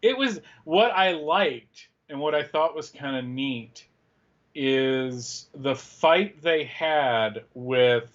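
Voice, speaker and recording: A man's voice: medium pitch, expressive, slow. A man co-hosting a live fan chat show, talking casually in an easygoing way. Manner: easygoing, laughs often. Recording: slightly dull lo-fi audio.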